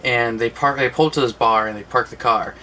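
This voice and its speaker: A man's voice: mid-range voice, steady tone, brisk, bright, forceful tone, a little hiss or hum, low-quality recording. A man co-hosting a casual movie collection chat, telling long rambling stories and laughing at his own jokes. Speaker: co-host of a movie collection show.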